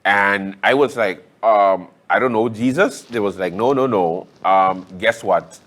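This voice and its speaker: A man's voice: lowish voice, measured pace, fairly bright tone. A man hosting a political talk show, conversational and sarcastic, leaning hard on his key points. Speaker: host. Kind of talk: casual political commentary.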